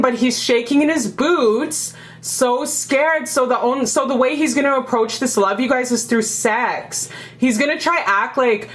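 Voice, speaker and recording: A young woman with a fairly high voice runs through a casual tarot reading, chatty and emphatic. She swears freely and circles back over her own phrases as she talks. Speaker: tarot reader.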